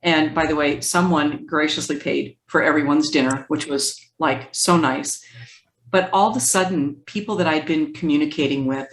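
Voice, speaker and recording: Brief: low-pitched woman guest, lively anecdotal delivery, echoey room. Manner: lively storytelling, acts out quoted speech. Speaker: guest therapist. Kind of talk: conversational interview.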